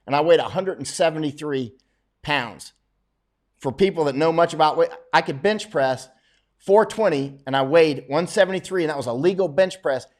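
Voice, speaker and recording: A middle-aged war correspondent with a voice on the high side talks bluntly and boastfully in a casual livestream monologue, chuckling often.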